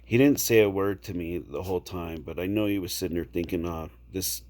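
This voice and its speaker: A man casually telling a personal story to camera, unhurried, checking in with the listener now and then. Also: low voice, darkish tone. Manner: unhurried, with fillers and repeated "okay?" check-ins.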